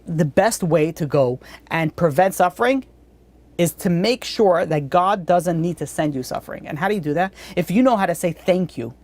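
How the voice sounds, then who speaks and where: A woman's voice: medium pitch, a little mellow, no room sound. A woman giving a religious lesson in a blunt, conversational way, with frequent restarts. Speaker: Torah teacher.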